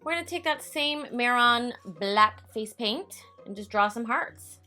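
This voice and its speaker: A woman's voice: on the high side, lively intonation, unhurried, bright, forceful tone, soft background music. A woman giving a casual makeup tutorial voice-over, chatty and self-mocking, swearing freely and talking to herself. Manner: talks to herself as an onlooker. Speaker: makeup vlogger.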